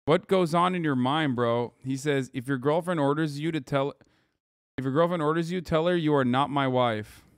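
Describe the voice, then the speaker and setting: A man streaming casual reaction commentary, animated and swearing a lot. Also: on the high side, normal speed, dry recording.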